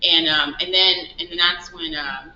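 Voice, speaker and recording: A woman who owns a shop, telling stories in a casual interview and acting out the dialogue in lively quoted asides. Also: low voice, normal speed, slight background noise. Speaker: shop owner guest. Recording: roomy, dull lo-fi sound.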